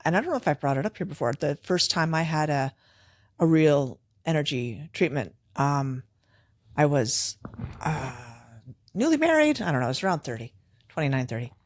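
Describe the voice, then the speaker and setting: A woman's voice: low voice, animated, moderate pace, darkish tone, no room sound. A middle-aged woman co-hosting a podcast who listens closely, jumps in to finish her partner's sentences, and eagerly tells her own stories. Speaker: podcast co-host. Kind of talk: casual conversation.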